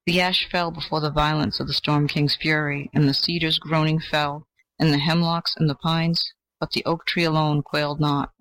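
A narrator reading an old fairy tale aloud in a measured, gentle way. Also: medium pitch, flat delivery, rough recording. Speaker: audiobook narrator. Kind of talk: scripted storybook narration.

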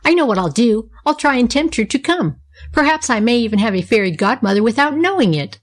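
A woman voicing a dreamy, eager little girl with a wistful, excitable manner. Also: fairly high pitch, moderate pace.

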